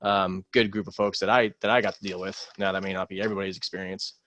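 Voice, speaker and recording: A man, a former Marine, telling a war story in casual podcast chat, rambling with many pauses and swearing freely. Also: low-pitched, flat delivery, fairly bright tone, highs cut off, a little hiss or hum.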